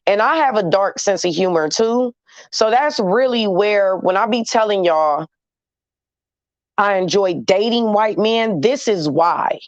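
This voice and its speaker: A woman's voice: medium pitch, expressive, a little slow, dry recording, dull audio. Blunt, candid woman chatting casually. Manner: blunt, candid, with loose slangy phrasing. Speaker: host talking to viewers. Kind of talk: casual chat to a live audience.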